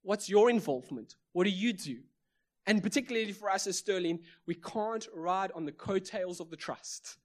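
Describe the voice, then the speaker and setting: Man, South African accent, pastor, sermon, emphatic, repetitive, somewhat high pitch. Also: moderate pace. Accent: South African English. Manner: emphatic preaching with repeated phrases and rhetorical questions.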